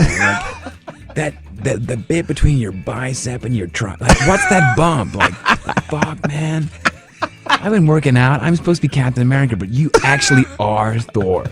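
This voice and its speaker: A man telling an animated anecdote on a talk show, quoting others. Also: mid-range voice, measured pace, loud music behind the voice. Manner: animated storytelling with quoted voices.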